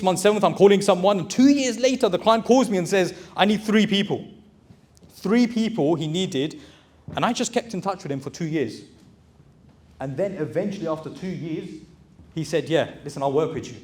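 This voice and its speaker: Male, 30s, high voice, motivational speaker, plain-spoken and pushy. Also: lively intonation, moderate pace, pauses often, a little mellow. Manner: direct, exhorting, addresses audience as brothers. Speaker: motivational speaker and recruitment business owner. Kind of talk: motivational talk to a live audience.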